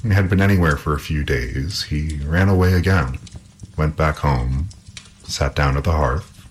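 Deep-voiced man reading a fairy tale. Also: unhurried, a little hiss or hum. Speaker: storyteller.

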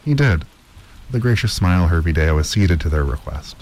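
A man reading a story aloud at a measured pace, with occasional stumbles and repeated words. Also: rumbling low, expressive, a little mellow, rough recording. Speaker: narrator.

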